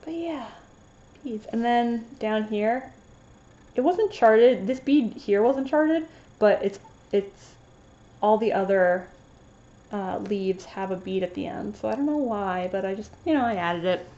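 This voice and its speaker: A woman talks through her stitching finishes in a loose, rambling chat, circling back with fillers and restarts. A slight lisp softens her S sounds, and her voice sits at an ordinary middle pitch. The home recording is dull and lo-fi. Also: lively intonation, unhurried. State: sniffly after sneezing. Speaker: cross-stitch vlogger. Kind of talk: casual show-and-tell chat.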